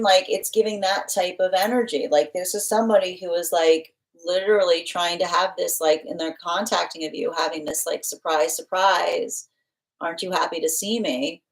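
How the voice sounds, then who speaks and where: A woman giving a live tarot reading, talking in loose, rambling run-ons full of fillers and restarts, acting out what others might say. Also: lowish voice. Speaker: tarot reader.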